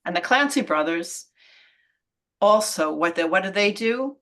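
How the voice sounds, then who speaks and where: A woman author talking through her research in a relaxed video-call interview, thoughtful and explanatory, often trailing off mid-sentence. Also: medium pitch, unhurried. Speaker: author and guest.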